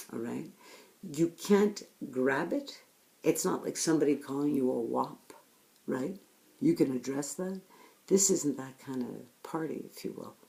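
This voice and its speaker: A woman's voice: very deep voice, gravelly, mellow. A woman speaking frankly and bluntly about her own experience, with rhetorical asides to the listener. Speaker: speaker sharing personal experience. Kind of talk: candid personal talk.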